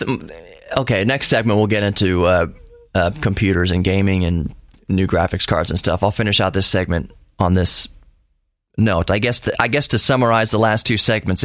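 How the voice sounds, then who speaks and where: A man's voice: fairly low pitch, a bit bright, dry recording, clean studio sound. A middle-aged man hosting a podcast, giving an emphatic, lecturing solo monologue with frequent restarts. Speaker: podcast host.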